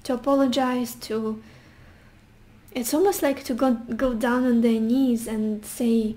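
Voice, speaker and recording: Young woman doing a tarot reading, mellow kinda high voice, musing and a bit sassy. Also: steady tone, a little slow. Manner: intuitive, musing, sassy asides. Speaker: tarot reader. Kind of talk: casual tarot reading monologue.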